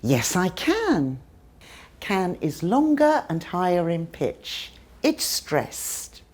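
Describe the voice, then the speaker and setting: Slow, very expressive British woman teacher. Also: on the low side, slightly rough. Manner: careful, exaggerated demonstrations of sounds. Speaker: English teacher. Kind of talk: scripted pronunciation lesson.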